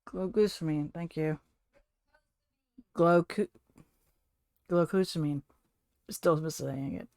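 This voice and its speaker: Slow-talking low-voiced woman streamer. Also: dry recording, studio quality. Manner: chatty, rambling, soft baby talk to her cat. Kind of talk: casual chat to stream chat.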